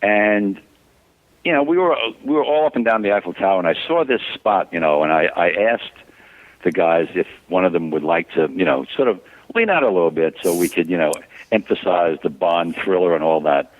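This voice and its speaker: An older man who is a photographer, a guest in an interview, recalling shoots in an easygoing, relaxed way full of "you know.". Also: low-pitched, moderate pace, narrow, tinny audio. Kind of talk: casual interview chat.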